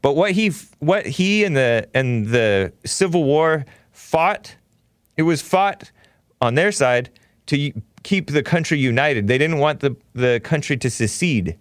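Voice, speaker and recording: On his talk show, a man with an expressive, somewhat high voice rambles through a mocking, argumentative rant at a measured pace. It's a casual rant captured in a dry, clean studio recording.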